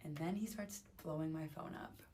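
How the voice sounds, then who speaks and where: Young woman with a lowish voice telling a story. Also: moderate pace, a little hiss or hum. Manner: animated, dramatic storytelling. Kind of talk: casual storytime.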